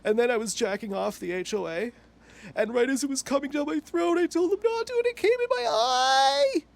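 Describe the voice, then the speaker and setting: A man's voice: on the high side, lively intonation, normal speed. A man mimicking a big, nervous man who is close to tears, in a whiny, mocking tone. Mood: squealing.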